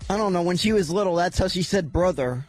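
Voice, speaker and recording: A man co-hosting a radio show, answering in halting, stumbling bursts. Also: high voice, animated, faint music behind. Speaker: radio co-host.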